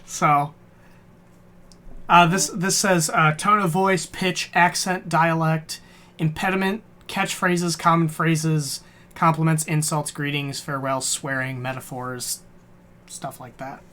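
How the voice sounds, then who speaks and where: A woman's voice: low voice, fairly even intonation, takes it slowly, a bit bright. A woman leading a casual stream talk, reading prompts out and swearing now and then. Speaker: game master leading a character workshop.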